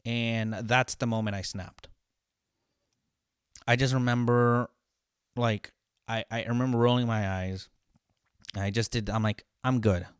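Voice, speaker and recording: A man's voice: medium pitch, steady tone, measured pace, long pauses, clean tone, dry recording, clean studio sound. A young man, a line cook, telling a frustrated, profane story about work in a casual, rambling way, full of restarts and acted-out exchanges. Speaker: podcast host, line cook.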